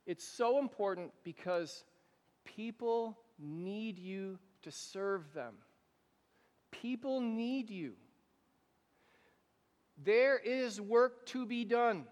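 Slow, high-voiced preaching man. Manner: guided prayer, soft and slow, repeating phrases. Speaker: pastor. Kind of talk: sermon. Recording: long reverb of a church hall.

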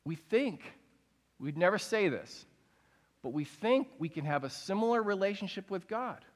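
A man's voice: sits high, animated, normal speed, big-room sound. A man giving a conversational sermon as pastor, often asking his listeners questions. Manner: conversational, asks the audience questions.

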